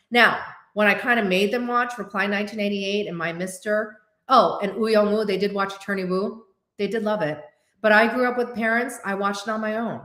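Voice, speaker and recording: Chatty woman in an echoey room. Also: medium pitch. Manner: chatty, animated, quick asides and acted-out quotes. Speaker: host answering viewer questions. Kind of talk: casual chat.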